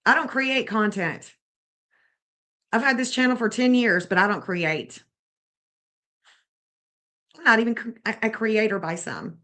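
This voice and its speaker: A woman's voice: a little high, lively intonation, a little slow, long pauses, a bit bright. A woman, bluntly and indignantly scolding as she comments on a livestream. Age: 50s. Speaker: true crime streamer.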